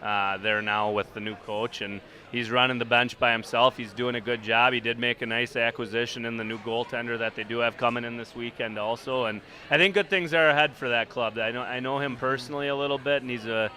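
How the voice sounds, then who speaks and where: A man with a bright, forward voice talks quickly as a hockey coach guest. He sounds relaxed and casual and often circles back on his words as he thinks. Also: mid-range voice, a little hiss or hum. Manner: relaxed, repeats phrases while thinking. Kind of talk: casual sports talk. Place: sports bar.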